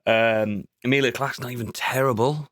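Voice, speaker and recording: A man's voice: medium pitch, steady tone, normal speed, fairly bright tone, dry recording, studio quality. A British man who is feeling unwell, co-hosting a podcast in loose casual chat with swearing and fillers. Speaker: podcast co-host.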